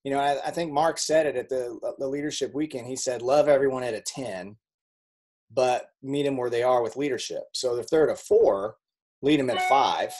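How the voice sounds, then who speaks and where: A man's voice: medium pitch, normal speed, a little mellow. A man leading a team call, talking in an upbeat, encouraging way with frequent restarts. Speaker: team leader hosting a group call. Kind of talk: casual motivational chat.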